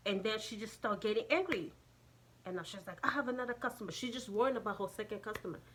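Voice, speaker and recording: A woman's voice: medium pitch, quick pace, a little hiss or hum. Jamaican woman rambling thru a story, swears a lot, keeps restarting. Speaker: vlogger. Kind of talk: casual storytime.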